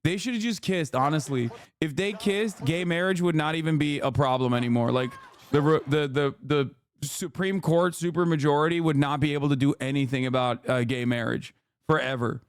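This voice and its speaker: A man's voice: a little high, moderate pace. A man streaming and commenting on politics, ranting in a profane, sarcastic mock-patriotic way. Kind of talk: casual livestream reaction chat.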